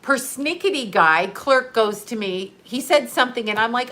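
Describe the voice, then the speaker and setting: A middle-aged woman telling a story in a casual livestream, animated and profane, laughing often. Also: fairly high pitch, normal speed, few pauses. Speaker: live streamer.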